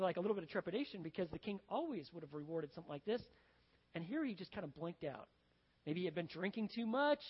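A man preaching a sermon as a pastor, telling a story in an animated, conversational way. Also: high-pitched, slightly rough. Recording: dull lo-fi sound with long hall reverb.

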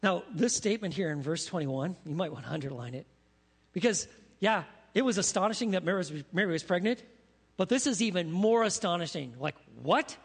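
A man preaching a sermon as pastor, animated, asking his congregation questions as he teaches. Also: high-pitched, a little fast, gravelly, husky. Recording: long reverb of a large hall.

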